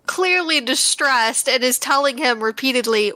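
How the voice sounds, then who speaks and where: A young woman co-hosting a casual podcast chat about a horror movie, matter-of-fact, with dry quips and quick laughs. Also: fairly high pitch, bright, forceful tone, no room sound. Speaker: podcast co-host.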